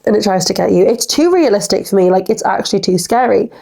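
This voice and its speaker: A woman's voice: medium pitch, expressive, fast talker, creaky, warm tone. A young woman, hosting a casual solo podcast in a rambling, chatty way full of "like". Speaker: podcast host.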